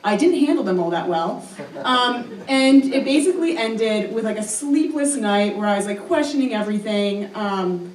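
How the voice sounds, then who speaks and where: A woman's voice: on the high side, animated, moderate pace, distant mic. A young woman telling a personal story live on stage, chatty and self-mocking, with lots of "um" and "like". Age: young adult. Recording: roomy live hall, voice from afar.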